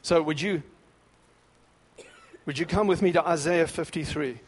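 A man preaching a sermon with fervent, emphatic bursts, then dropping into quieter scripture reading. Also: a little high, unhurried, breathy edge. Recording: long reverb of a large hall.

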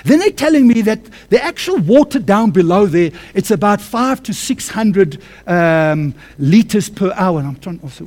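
High-voiced preacher man, hushed to fervent. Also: lively intonation, moderate pace. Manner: swings from hushed to shouting with passion; addresses listeners as friends and child of God. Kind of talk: sermon with personal testimony.

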